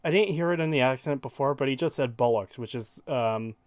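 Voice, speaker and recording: A man's voice: mid-range voice, a little fast, no echo. Profane, heated male stream host. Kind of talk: reaction stream rant.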